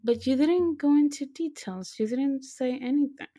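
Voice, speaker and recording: A woman's voice: high voice, moderate pace. Chatty young woman telling a story. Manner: excitable storyteller, lots of fillers and restarts. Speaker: podcast co-host. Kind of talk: casual chat.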